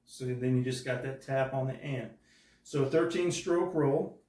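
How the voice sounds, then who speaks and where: A man's voice: medium pitch, a little slow, heavy background noise. A man teaching a drum part step by step, patiently counting out the rhythms aloud. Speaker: drum instructor. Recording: echoey room from far off.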